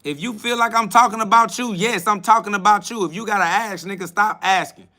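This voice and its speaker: A man hosting a livestream, ranting at his chat in a blunt, confrontational and profane way, swinging between loud outbursts and low mutters. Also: brisk. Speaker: livestream host. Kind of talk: casual livestream rant to chat.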